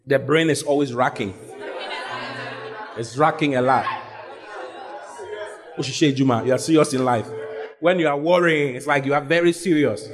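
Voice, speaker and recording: A man preaching a sermon, reading scripture slowly and repeating key lines for emphasis. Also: mid-range voice, soft background music, a faint crowd. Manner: reads verses slowly and deliberately.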